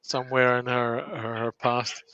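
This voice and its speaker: A man's voice: mid-range voice, level tone, a little slow. Joking Geordie man on a noisy lo-fi line. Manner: playful, reads out comments with wry jokes. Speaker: guest on a woodturning livestream, reads out chat. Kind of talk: joking live-stream banter. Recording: dull lo-fi sound with clear background noise.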